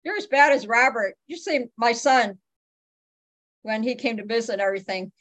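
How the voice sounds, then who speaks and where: A woman's voice: on the high side, normal speed, a bit bright. An older woman telling stories in a casual podcast chat, stretching some words as she goes.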